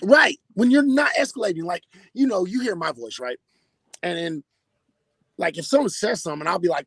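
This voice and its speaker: Husky, high-voiced man ranting profanely. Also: lively intonation, normal speed, dry recording. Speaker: podcast host. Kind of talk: casual podcast commentary.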